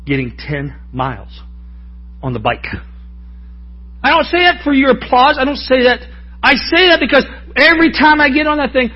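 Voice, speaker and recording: A man with an extremely high-pitched, breathy-edged voice preaches a sermon in a folksy, joking manner, often calling out to the congregation for an amen. The audio sounds dull.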